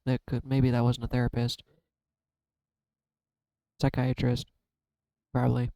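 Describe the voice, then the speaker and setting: A man's voice: medium pitch, completely flat delivery, a little slow, creaky, dark tone, dry recording, low-quality recording. Emotional man fighting back tears. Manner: emotional, searching, trails off and restarts. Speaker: YouTube card-reading vlogger. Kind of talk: heartfelt personal talk to camera.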